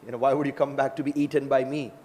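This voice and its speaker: A man's voice: medium pitch, flat delivery, rapid-fire, darkish tone, big-room sound, natural voice. A man voicing a hungry male tiger in a told story, blunt and demanding.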